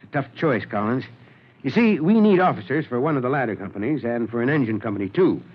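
An actor playing a kindly, gruff old fire chief in a 1940s radio drama, fatherly and teasing, on a dull lo-fi old radio recording. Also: mid-range voice, lively intonation, fast. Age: older.

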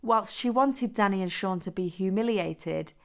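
A woman who is the author, reading her own adult story aloud in a steady, even manner. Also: mid-range voice, normal speed. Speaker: author and narrator.

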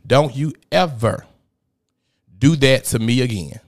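A man in his thirties talks straight to his podcast audience, telling a painful personal story. He is profane and emphatic, and his voice swings up and down for drama. His pitch sits in an ordinary middle range. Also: slow, long pauses. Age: 30s. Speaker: podcast host. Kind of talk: candid storytelling monologue.

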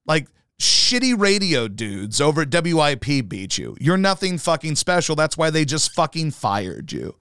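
A man's voice: on the high side, huge pitch swings, moderate pace, few pauses, a bit bright, clear, resonant tone, no room sound, studio quality. A man hosting his own podcast, ranting in a profane, combative, rambling way. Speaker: podcast host.

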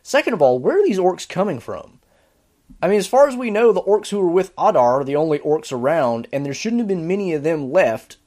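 A man with a somewhat high voice talks casually as a podcast host reviewing a series. He sounds exasperated and sarcastic, and his delivery is animated. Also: fairly quick. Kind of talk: casual commentary.

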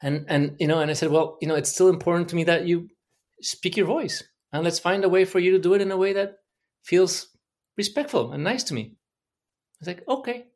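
A man's voice: high voice, steady tone, fairly quick, a little mellow. Earnest man from Mexico, reflective guest. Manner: earnest, candid, self-reflective. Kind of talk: reflective personal storytelling.

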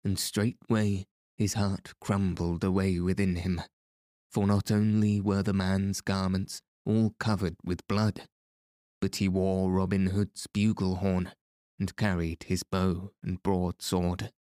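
A man reading a storybook aloud as narrator, in a measured, even way, close to the mic. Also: sits low, dry recording. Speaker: audiobook narrator.

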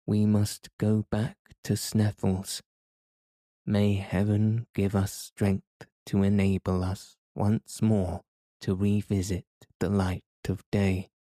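A weary young explorer, read by a man in his own voice, pleading to head home. The delivery is very slow and low-pitched. His tone is mellow and dark. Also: monotone, no room sound, studio quality.

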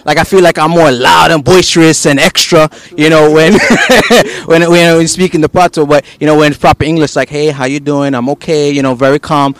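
A man's voice: a little high, steady tone, brisk, hardly any pauses, a bit bright. A man hosting an interview, chatting loosely with many "you know"s and "if you will"s. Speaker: interview host. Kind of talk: casual interview talk.

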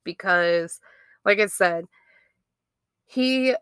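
Woman, true-crime podcast host, casual chat, dry close sound, even middle pitch. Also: very slow, smooth, dry recording. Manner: chatty and conversational, reacting with disbelief.

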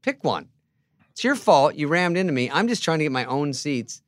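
A man in his fifties, a comedian guest, telling a story in a sarcastic, deadpan way and acting out other people's lines. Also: on the high side, a little fast, no room sound. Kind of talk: casual storytelling chat.

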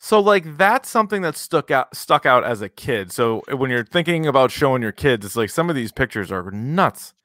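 A man's voice: medium pitch, very animated, normal speed, hardly any pauses, fairly bright tone, no room sound, studio quality. A man chatting casually as a podcast co-host, eager and swearing now and then. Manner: enthusiastic, swearing. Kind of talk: casual chat.

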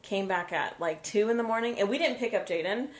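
A young woman co-hosting a podcast, telling an animated story in casual chat and swearing freely. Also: medium pitch, fairly quick. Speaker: podcast co-host.

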